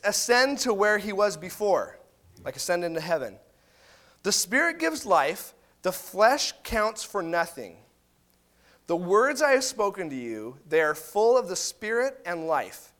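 Male pastor, higher-pitched, very animated delivery, paraphrases scripture conversationally. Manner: animated, acts out quotes of biblical figures in casual paraphrase. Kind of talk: sermon.

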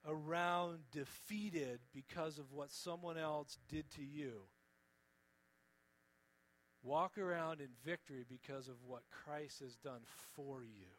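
A man preaching with a slightly higher voice, earnest and gentle. He pleads with his listeners and lets key words fall quiet. A faint mains hum sits under the recording. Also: fairly even intonation, slow pace, poor audio. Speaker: pastor. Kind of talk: sermon.

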